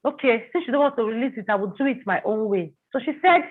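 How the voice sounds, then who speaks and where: A woman's voice: a little high, expressive, fast talker, few pauses. A woman telling a personal testimony in an interview, acting out the voices of the people in it. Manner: vivid storytelling, acting out quoted voices. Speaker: guest telling her story. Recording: tinny phone-like sound.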